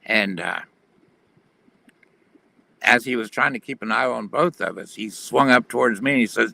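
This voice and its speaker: A man's voice: lowish voice, moderate pace, sharp tone. A man telling his personal testimony in an earnest, plain-spoken way on a video call. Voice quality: gravelly.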